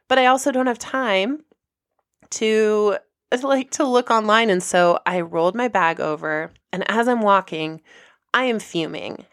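A woman hosting a podcast, telling a personal story in a lively way and acting out the people she quotes. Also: no echo, studio quality. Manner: animated, acts out quoted people with big pitch jumps. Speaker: podcast host.

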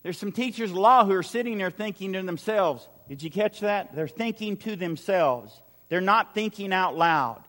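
A man's voice: sits high, animated, moderate pace, few pauses, a bit bright, long reverb tail. A man preaching a sermon as pastor, building his points through repeated phrases and acting out the lines he quotes. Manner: repetitive preaching cadence, acts out quoted lines. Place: large church hall with a crowd.

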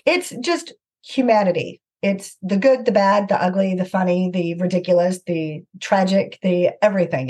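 A middle-aged woman, an author and podcast guest, telling personal stories earnestly and acting out the things people said. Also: on the low side. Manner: earnest, animated anecdote-telling with acted-out quotes. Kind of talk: conversational storytelling.

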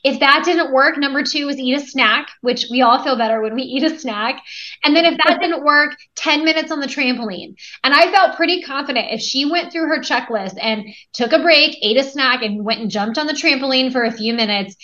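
A woman's voice: high voice, brisk. A woman in her thirties, a podcast guest, talking energetically and acting out quoted lines as she tells stories. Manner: energetic, storytelling with quoted dialogue. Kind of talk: conversational interview. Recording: dull lo-fi audio.

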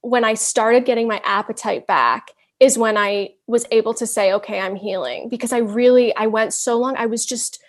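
A woman guest in a podcast interview, speaking in an earnest, candid way with halting restarts. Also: on the high side. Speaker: interview guest, wellness counselor. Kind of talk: casual interview chat.

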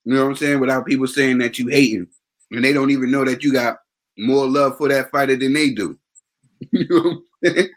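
A man's voice: medium pitch, a little fast. A man co-hosting a casual boxing talk show, ranting with passion and repeating himself. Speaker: podcast co-host.

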